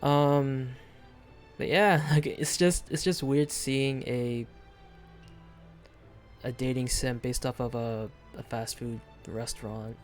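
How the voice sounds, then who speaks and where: A man's voice: mid-range voice, fairly even intonation, takes it slowly, faint music behind. A man streaming a video game live, chatting casually in a rambling, hesitant way with lots of fillers and restarts.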